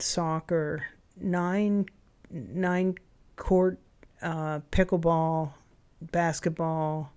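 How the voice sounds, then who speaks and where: A woman's voice: low voice, a little mellow. A woman in her fifties, a guest in a casual interview chat, who meanders and restarts her sentences. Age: 50s. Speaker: camp owner, guest.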